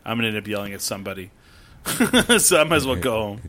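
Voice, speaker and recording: A man's voice: on the low side, sing-song, quick pace, bright, forceful tone. A man co-hosting a casual podcast, telling stories with lots of swearing and acted-out quotes. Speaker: podcast co-host. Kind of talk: casual chat.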